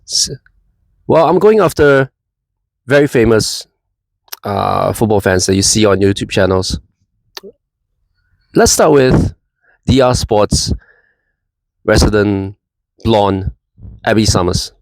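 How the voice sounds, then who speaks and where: A man's voice: lowish voice, lively intonation, takes it slowly, creaky, pauses often, no echo, poor audio. A man who runs a football fan channel, talking casually in a reaction vlog with easygoing banter.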